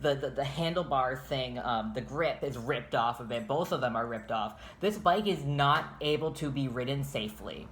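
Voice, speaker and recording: An ordinary mid-pitched speaker rambles through a personal story, swearing freely and restarting sentences as the thoughts tumble out. It sounds like an unscripted storytime chat between partners, with a faint hiss of noise underneath. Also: moderate pace, few pauses, fairly bright tone. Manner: rambling, profane, restarts often. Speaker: storyteller vlogger.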